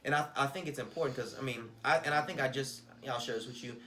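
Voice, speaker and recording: Bright-voiced man in earnest podcast chat. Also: mid-range voice, very fast. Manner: earnest, reflective, quotes others in raised voice. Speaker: podcast co-host. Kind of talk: casual chat.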